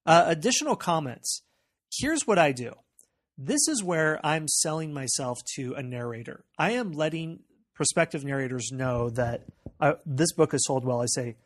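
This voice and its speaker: A tutorial presenter with a General American accent walks through steps in a casual screencast. His voice is a little high and his pace moderate, and he keeps it relaxed and explanatory, frequently saying "uh" and "okay."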